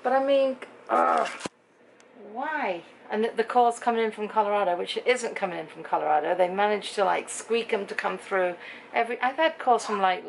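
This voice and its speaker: In a rough recording carrying slight hiss or hum, a middle-aged Englishwoman from Britain chats to the camera in her bedroom. Her gravelly, medium-pitched voice carries an exasperated, conversational story for her casual home vlog.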